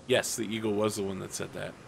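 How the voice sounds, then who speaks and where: A man's voice: on the low side, little pitch movement, quick pace, vocal fry, slight background noise. A man narrating as game master of a tabletop game, casual and chatty with lots of fillers.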